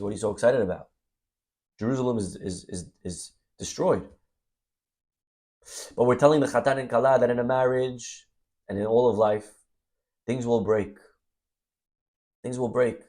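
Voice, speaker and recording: A man teaching as a rabbi, delivering a sermon full of acted-out stories and sudden bursts of energy. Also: mid-range voice. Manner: animated storytelling, acts out scenes. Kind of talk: Torah class sermon.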